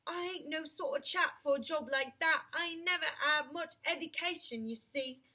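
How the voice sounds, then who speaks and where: A woman reading aloud, voicing a humble cab driver with a cockney accent, speaking slowly and deferentially. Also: sits high, sharp tone. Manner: hesitant, slow and deferential. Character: humble working-class London cab driver, plain-spoken man.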